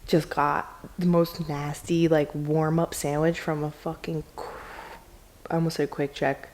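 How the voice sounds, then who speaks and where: A woman's voice: little pitch movement, a little slow, a little mellow. A young adult woman telling a story in a casual vlog, chatty and profane, acting out quoted lines. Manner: chatty, swears a lot, acts out quotes in a higher voice. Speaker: vlogger.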